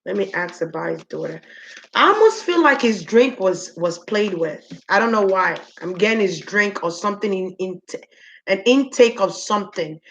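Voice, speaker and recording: Over poor audio, this spiritual reader has a medium-pitched, gravelly voice with lively intonation. She gives her reading casually, pondering aloud in long, drawn-out words aimed directly at the spirits.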